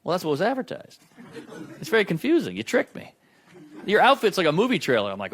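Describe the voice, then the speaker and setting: A man's voice: high voice, wildly swooping pitch, quick pace, a bit bright. A man performing a stand-up comedy set on a club stage, wry and self-deprecating, acting out both sides of his stories.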